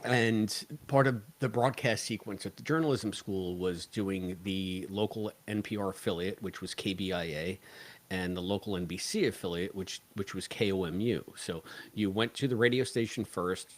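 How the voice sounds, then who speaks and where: A man with a fairly low voice talks casually on a podcast. He tells stories in a chatty, animated manner and keeps the talk moving. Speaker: podcast co-host.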